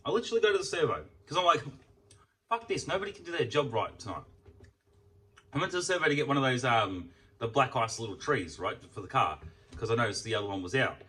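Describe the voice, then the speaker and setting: A young man telling an animated, foul-mouthed story as a casual vlog while he eats. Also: mid-range voice, fast, distant mic. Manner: heavy swearing, animated storytelling. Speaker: food vlogger. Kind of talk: casual ranting while eating. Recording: voice off from the mic.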